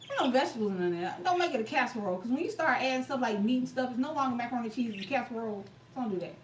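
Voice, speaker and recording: A woman's voice: fairly high pitch, animated, rapid-fire. A woman hosting a cooking live stream, talking outdoors in a chatty, emphatic, folksy way. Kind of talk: casual live-stream chat. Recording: echoey, distant mic, faint outdoor noise.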